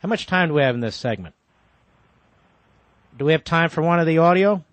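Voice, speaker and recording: A man's voice: a little high, lively intonation, fairly quick, no echo. A man hosting a talk radio show, speaking emphatically and interjecting often.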